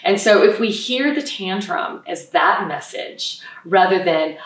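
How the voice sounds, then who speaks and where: Low-voiced woman explaining in a roomy space. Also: measured pace, few pauses. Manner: calm, explanatory, acts out what parents might say. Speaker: parenting expert. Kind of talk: interview advice. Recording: roomy echo, mic at a distance.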